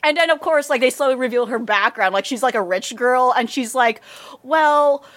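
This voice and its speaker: A woman's voice: a little high, fairly quick, a bit bright. A woman in casual anime review chat, rambling, swearing, and laughing often.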